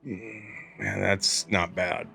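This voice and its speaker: A man's voice: low voice, fairly even intonation, slow, gravelly, sharp tone, faint music behind. A man hosting a comedic podcast with rambling, jokey banter and a mock-salesman patter. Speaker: podcast host.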